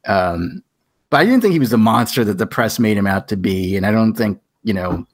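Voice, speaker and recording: A man's voice: on the low side, expressive, brisk, no echo, clean studio sound. A man hosting a podcast in casual chat, telling long rambling stories and acting out quoted back-and-forths. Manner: rambling storyteller who acts out quoted exchanges. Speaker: podcast host.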